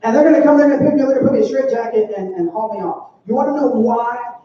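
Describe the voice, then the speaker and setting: A man's voice: very high voice, very fast, slight background noise. A young man giving a youth sermon as youth pastor, talking casually and acting out quoted voices. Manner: conversational, acts out quoted voices. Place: church hall. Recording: far, dull and roomy hall sound.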